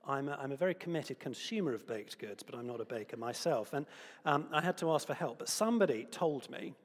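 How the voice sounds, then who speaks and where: A man's voice: mid-range voice, fairly quick. Man preaching in a reverberant church. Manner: lively, playful asides, uses props. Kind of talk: sermon. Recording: long hall reverb.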